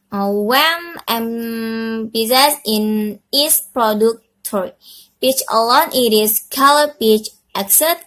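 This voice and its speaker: Slow, halting young woman. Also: a little high, fairly bright tone. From Indonesia. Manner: halting, with fillers and self-corrections. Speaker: student presenter. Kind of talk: reading a class presentation.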